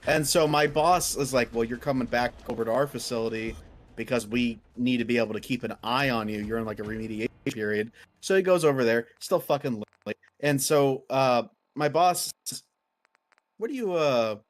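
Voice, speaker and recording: A man's voice: medium pitch, brisk. A man chatting casually as a guest, telling a work story in a laid-back, swearing way. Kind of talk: casual chat.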